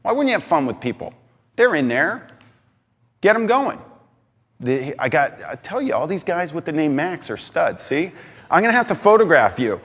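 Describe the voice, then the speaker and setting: A man giving an energetic talk on stage, emphatic and excitable, swinging between loud bursts and quieter asides. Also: a little high, moderate pace. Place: large hall on stage. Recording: reverberant hall.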